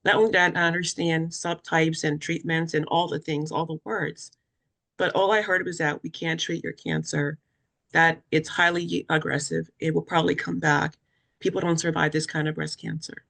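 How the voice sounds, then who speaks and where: A young adult woman speaks at normal speed in a low-pitched voice with vocal fry, a bit of brightness and little pitch movement. A cancer survivor and patient advocate from West Africa, she shares her story earnestly and with feeling in a webinar interview, acting out what others said.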